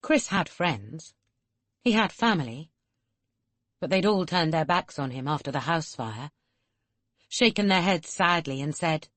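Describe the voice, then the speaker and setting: A woman reads an audiobook with a low, grounded voice and a measured, steady storytelling pace. The recording is dry and close, with no room sound around her. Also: dry recording. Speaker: audiobook narrator. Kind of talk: audiobook narration.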